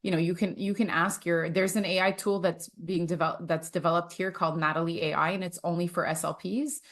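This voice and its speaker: A woman's voice: fairly low pitch, steady tone, brisk, fairly bright tone. A woman hosting a casual conversation, chatty and loose, with frequent fillers and restarts. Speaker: host.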